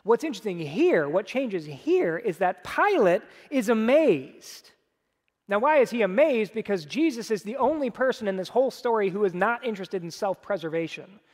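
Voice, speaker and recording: High-voiced man preaching in a reverberant hall. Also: sing-song, normal speed. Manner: conversational preaching, mimics voices when quoting. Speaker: pastor. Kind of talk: sermon.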